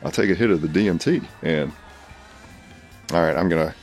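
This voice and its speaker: A man doing a comedic impression of a raspy, boastful older male pro wrestler who rambles through a tall tale full of restarts. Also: sits low, normal speed, faint music behind, lightly acted. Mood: rambling. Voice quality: raspy, gravelly.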